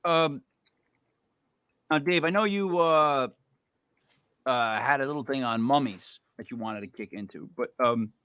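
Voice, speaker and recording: A man's voice: mid-range voice, measured pace, pauses often, fairly bright tone, smooth, dry recording. A man hosting a podcast, talking in a casual, joking and emphatic way. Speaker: podcast host. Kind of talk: casual comedic chat.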